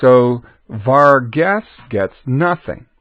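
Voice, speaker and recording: A man's voice: medium pitch, lively intonation, drawn-out words, no room sound. A man gives a screen-recorded coding lesson, chatting with the viewer and answering his own asides. The recording is dry and slightly dull, with little room around the voice. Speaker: programming instructor.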